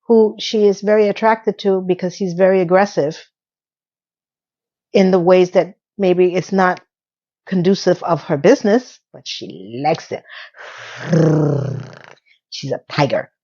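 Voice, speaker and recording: A woman's voice: mid-range voice, fairly even intonation, moderate pace, warm tone. A woman casually recapping a TV episode, briefly acting out the characters' lines as she goes. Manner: chatty, acts out quotes in passing. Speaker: recap host. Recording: dull lo-fi sound.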